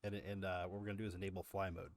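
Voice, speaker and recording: Male streamer, lowish voice, casual explainer with ums and restarts, dry close mic. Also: little pitch movement, rapid-fire, dry recording. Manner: explanatory, frequent fillers and restarts. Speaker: livestream host. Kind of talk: live coding walkthrough.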